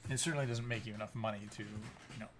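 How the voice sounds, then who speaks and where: A man's voice: lowish voice, steady tone, quick pace, music in the background. Rambling, profane middle-aged man vlogging. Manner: rambling, profane, many restarts. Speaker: YouTube commentator. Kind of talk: casual storytelling commentary.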